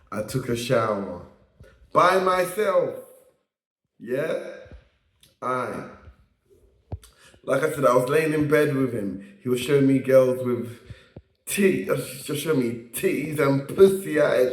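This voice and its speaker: Slow-talking man in an echoey room. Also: medium pitch, expressive. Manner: repeats lines for emphasis, tags phrases with "yeah?". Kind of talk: casual storytelling monologue.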